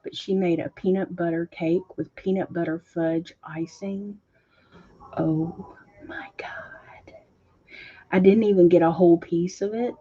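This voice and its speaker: A woman hosting a casual livestream, reading viewer comments aloud and chatting with a husky voice. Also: lowish voice, fairly even intonation, moderate pace, hardly any pauses, mellow. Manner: chatty, laughs often, reads chat aloud. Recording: dull lo-fi stream audio.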